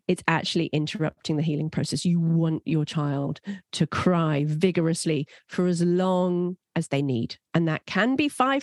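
A woman coaching parents in an earnest, reassuring tone. She becomes animated when she talks about strong emotions. Her voice is close and dry, with no room sound around it. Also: fairly low pitch, no echo. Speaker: mother. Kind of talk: advice monologue to parents.

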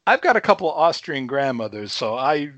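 A man in his fifties from Chicago, guest on a casual talk show, telling a story with lively energy, swearing freely and chuckling between lines. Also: mid-range voice, brisk, no room sound, dull audio. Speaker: podcast guest.

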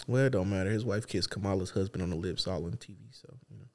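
Guy cohosting a podcast, super slangy and animated, acts out what people said. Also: low voice, quick pace. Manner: animated storytelling with acted-out quotes; loose slangy speech with restarts. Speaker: podcast co-host. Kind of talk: casual chat.

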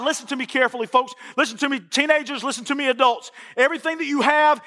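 A man preaching a sermon in a church with passion, repeating phrases for emphasis and rising to shouts at the peaks. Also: very high-pitched, steady tone, fast. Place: church sanctuary. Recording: long reverb of a church hall.

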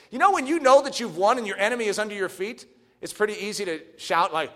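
A man preaching a sermon, animated and swinging from hushed asides to shouts. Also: sits high, quick pace. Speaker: pastor.

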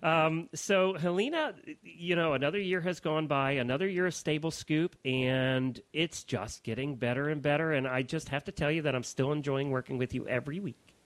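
A man's voice: fairly high pitch, moderate pace. A man hosting a casual podcast roundtable, joking and laughing often. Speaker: podcast host.

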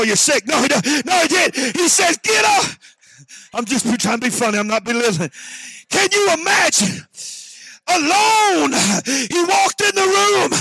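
A man preaching a sermon, telling the story dramatically, often shouting and acting out the voices. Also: extremely high pitch, creaky, background noise.

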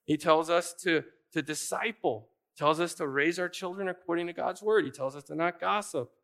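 A man's voice: fairly high pitch, moderate pace, gravelly, a bit bright. A man preaching a sermon, asking rhetorical questions and repeating key phrases for emphasis. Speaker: pastor.

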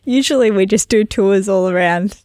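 A woman's voice: medium pitch, moderate pace, darkish tone, no echo, clean studio sound. A young woman hosting a podcast, chatting casually and laughing through a travel story. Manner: chatty, laughs through her own stories.

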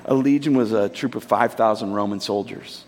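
A man in his thirties preaching a sermon in a conversational, animated storytelling way. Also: lowish voice, moderate pace, slight background noise. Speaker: pastor. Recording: long hall reverb.

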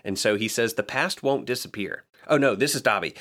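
A man co-hosting a podcast in casual chat, calmly recapping scenes and reading out lines. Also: medium pitch, a little fast. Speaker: podcast co-host recapping a manga.

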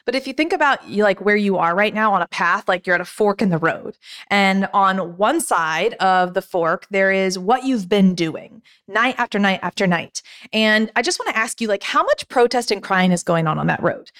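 Animated woman sleep coach host. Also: medium pitch, normal speed. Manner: animated, quotes parents in put-on voices. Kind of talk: podcast conversation.

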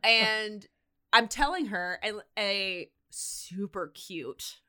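A bright, clear-toned young woman telling a story on a casual podcast. She rambles and leans on "like," swears freely, and acts out the people she describes with lively, shifting energy. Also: medium pitch, very slow. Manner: chatty, animated, heavy on "like" and swearing. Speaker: podcast co-host. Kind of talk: casual chat, retelling a story.

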